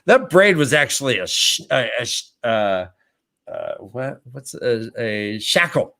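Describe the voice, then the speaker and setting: A man's voice: medium pitch, very animated, unhurried, creaky, pushed and bright. A man hosting a casual book podcast, playful and rambling as he recaps chapters. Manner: playful and rambling, acts out characters. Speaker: podcast host.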